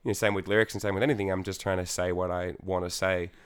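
A man's voice: deep voice, little pitch movement, fast talker, clear, resonant tone. A young Australian man, a singer in a band, chatting casually in an interview, rambling with lots of fillers, swearing and laughing.

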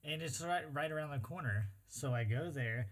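Relaxed young man joking with a friend. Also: on the high side, normal speed. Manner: relaxed, joking, with filler words. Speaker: co-host telling a story. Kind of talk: casual chat.

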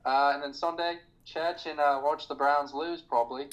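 A man chatting casually on a podcast in an easygoing, joking way, pausing often on "uh.". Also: a little high, fairly even intonation, a bit bright, rough recording. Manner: easygoing, joking, halting with uhs. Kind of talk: casual chat. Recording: crowd noise behind.

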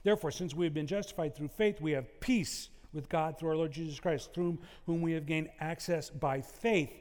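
Pastor preaching in a reverberant hall. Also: male voice, fairly high pitch, normal speed, darkish tone. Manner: conversational preaching with asides and humor. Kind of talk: sermon.

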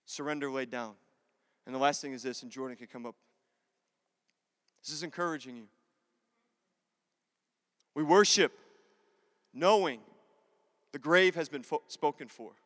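A man's voice: on the high side, unhurried, long pauses, a bit bright. A man preaching a sermon with passion, repeating lines and acting out prayers in his own voice. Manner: impassioned, repetitive preaching with acted-out prayers. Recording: long hall reverb.

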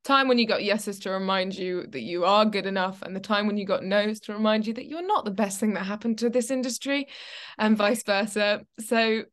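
In a somewhat bright, medium-pitched voice at a moderate pace, a young woman co-hosts a laid-back Christian chat podcast. She relays stories with animation, performing her own reactions as she goes.

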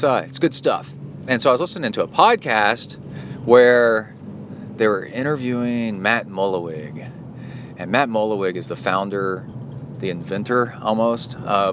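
A man's voice: sits low, a bit bright. A man from the US hosting a podcast, chatting casually and going off on tangents while he drives. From United States. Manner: rambling, tangent-prone, self-correcting. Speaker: podcast host. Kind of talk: casual solo podcast talk. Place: inside a moving car. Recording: car noise behind the voice. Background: road and car noise.

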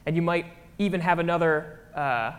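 A man's voice: on the high side, normal speed, a bit bright. A man preaching a casual, conversational sermon in a church, often checking in with his listeners. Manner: chatty, keeps checking in with the crowd. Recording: long hall reverb.

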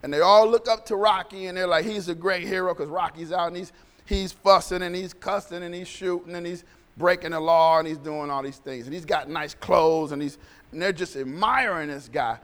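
A man's voice: on the high side, moderate pace, long reverb tail. A male pastor preaching a sermon in a conversational, storytelling way, often repeating phrases.

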